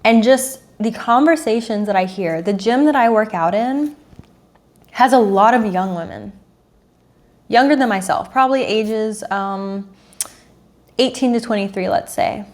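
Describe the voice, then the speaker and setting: A woman's voice: mid-range voice, unhurried, darkish tone. A woman in her thirties, a dating coach, talking earnestly and emotionally to camera, repeating herself and sighing.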